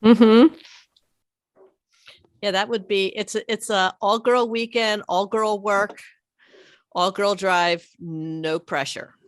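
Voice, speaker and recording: A woman's voice: mid-range voice, steady tone, slow, long pauses. A woman co-hosting a casual podcast chat, asking friendly, encouraging questions. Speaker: podcast co-host.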